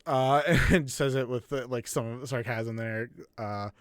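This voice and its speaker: A man running a tabletop game as game master, narrating in a relaxed, rambling way with many fillers. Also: medium pitch, slow, hardly any pauses, clear, resonant tone, no room sound.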